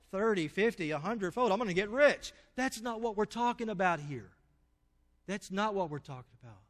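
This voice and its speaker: In the sanctuary of a church, a pastor preaches with a high, somewhat bright voice. His sermon is built on storytelling and questions aimed at the congregation, and the sound rings with a church hall's long reverb.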